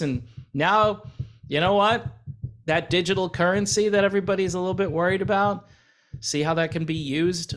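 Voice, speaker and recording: Sarcastic rambling American man, fairly high voice. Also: moderate pace, fairly bright tone. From United States. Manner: sarcastic, rambling with many fillers. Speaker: channel host. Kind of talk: casual commentary vlog.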